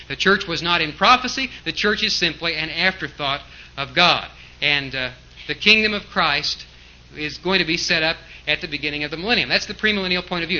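A man's voice: high voice, pushed and bright. A man preaching a sermon, explaining scripture in an emphatic teaching manner with rhetorical questions. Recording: dull lo-fi recording.

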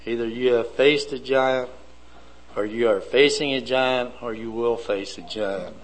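A man preaching a sermon slowly and deliberately, building his points in lists. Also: mid-range voice, steady tone, rough recording.

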